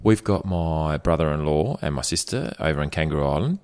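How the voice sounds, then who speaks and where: Deep-voiced jokey man. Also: lively intonation, a little fast, darkish tone. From Australia. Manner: jokey, enthusiastic storyteller. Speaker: podcast co-host. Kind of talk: casual chat.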